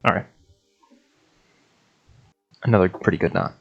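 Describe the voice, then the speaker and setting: A man with a low, gravelly voice runs a tabletop game in a relaxed way, laughing often. He calls for rolls and describes scenes in a loose, chatty manner. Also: unhurried, muffled recording, faint music behind. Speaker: game master.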